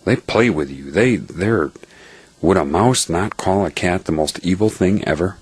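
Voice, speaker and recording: A man earnestly telling a personal story in a reflective, spiritual way, pausing to stress key words. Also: low voice, husky, dry recording.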